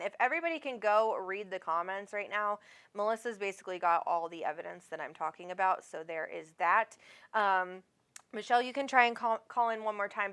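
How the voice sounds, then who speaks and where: A woman's voice: medium pitch, sharp tone. Chatty, affectionate woman medium host. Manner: chatty, affectionate, rambling with many fillers. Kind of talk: live-stream reading with callers.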